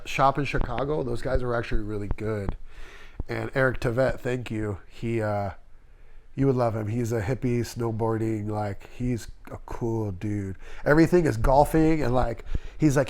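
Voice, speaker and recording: A man's voice: medium pitch, normal speed, gravelly, a little mellow. A middle-aged man, a tattoo artist guest, telling long, rambling stories in a casual interview and acting out the people he quotes.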